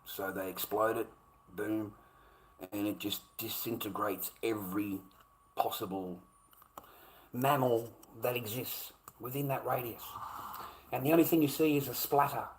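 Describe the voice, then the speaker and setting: A man's voice: on the low side, steady tone, a little slow, long pauses. A man delivering a heated, profane, repetitive rant in a monologue. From Australia. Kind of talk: ranting monologue.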